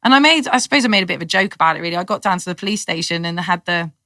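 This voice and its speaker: A middle-aged woman, a podcast guest telling her story in lively, casual talk, acting out what people said and laughing often. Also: lowish voice, rapid-fire, dry recording. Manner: animated storyteller, acts out quotes, laughs often. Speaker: guest, cannabis activist.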